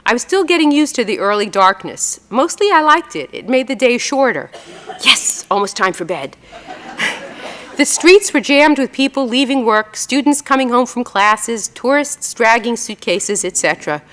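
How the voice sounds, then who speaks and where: She's a New woman in her sixties, an author at a live event, telling stories about the city. Her voice sits fairly high and leaps around with animation. She jokes at her own expense and keeps slipping in quick impressions of people. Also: animated, a bit bright, in a large hall. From New York. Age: 60s. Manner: chatty and self-mocking, with lots of fillers and quick voiced asides. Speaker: author giving a talk. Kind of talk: storytelling talk with slides and a reading. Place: event hall before an audience.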